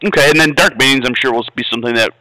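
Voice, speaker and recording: A man's voice: mid-range voice, very fast, bright, forceful tone, dry recording, rough recording. A man interviewing an actor, asking loose, casual questions with a few fillers.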